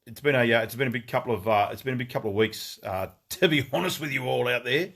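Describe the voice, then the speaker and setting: A man's voice: medium pitch, quick pace, fairly bright tone. A middle-aged Australian man hosting a casual shop livestream, rambling with many fillers and greeting viewers by name. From Western Australia.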